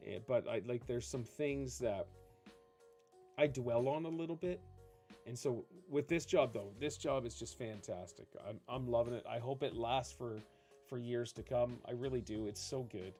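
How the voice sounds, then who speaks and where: A man's voice: medium pitch, a little mellow. A man streaming a game, chatting casually with his viewers, enthusiastic and rambling, reading their questions aloud. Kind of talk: casual chat with live viewers while gaming.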